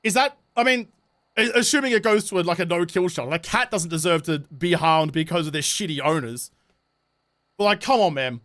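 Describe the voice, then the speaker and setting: A New Zealand man streams a game while chatting casually, swearing often and launching into passionate rants. His voice is high-pitched, brisk and a bit bright.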